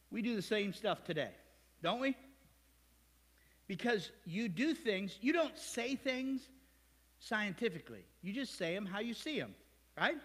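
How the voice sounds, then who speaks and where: Male pastor, high voice, chatty sermon full of jokes and rhetorical questions, long reverb. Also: a bit bright, husky. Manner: conversational, joking, rhetorical questions. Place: church sanctuary.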